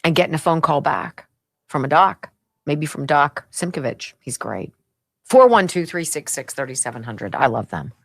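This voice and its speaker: A middle-aged woman hosting talk radio offers a sardonic, opinionated rant and a host-read ad, often laughing as her voice leaps high in excitement or drops to muttered asides. She talks at normal speed with a creaky voice, recorded with no echo.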